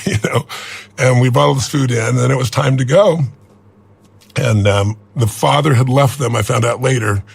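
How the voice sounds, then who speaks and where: A man's voice: medium pitch, gravelly, slightly rough. A man in his sixties telling a personal story as an interview guest, earnest and reflective. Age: 60s.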